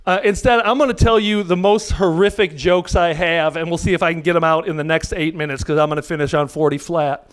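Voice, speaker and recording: Man, stand-up comic, high voice, brash, profane, interrupts himself, live club, audience laughter bleeding over the mic. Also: steady tone, a little fast, few pauses. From United States. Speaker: stand-up comedian. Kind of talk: stand-up comedy set. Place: live comedy venue with audience.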